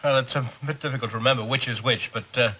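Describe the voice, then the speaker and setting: A man's voice: medium pitch, fairly even intonation, racing, lightly acted. A man playing a dry, polite executive. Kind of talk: 1960s TV sitcom acting. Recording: hissy dull 1960s TV recording.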